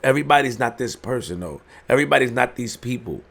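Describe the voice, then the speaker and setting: A man's voice: mid-range voice, expressive, fast, vocal fry, a bit bright. A man delivering an emphatic opinion monologue, preaching and firing rhetorical questions. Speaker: commentary host.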